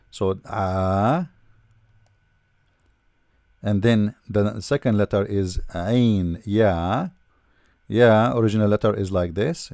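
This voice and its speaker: A man's voice: on the low side, vocal fry, warm tone, dry recording, studio quality. A man teaching the alphabet patiently, repeating sounds and often checking in with "all right?". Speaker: language teacher. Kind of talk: explaining letters while writing.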